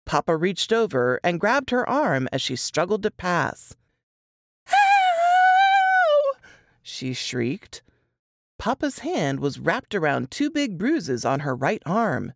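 A woman author reading her own dark fiction aloud in an expressive, measured way, on a close mic. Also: fairly low pitch, no room sound.

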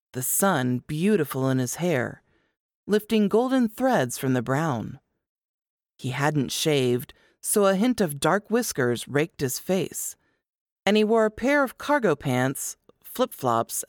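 A woman reads an audiobook in a low, slow, measured voice. Her pitch moves expressively through the story, and the sound is dry and close. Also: no room sound. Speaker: audiobook narrator. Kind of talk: scripted audiobook narration.

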